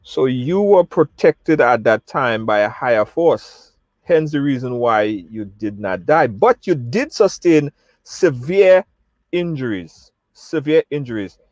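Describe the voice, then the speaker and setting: Slow, measured male interviewer. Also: medium pitch, expressive, a little mellow, dry recording. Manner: measured, summarizing, attentive. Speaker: interviewer host. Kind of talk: interview questions. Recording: dull dry lo-fi recording.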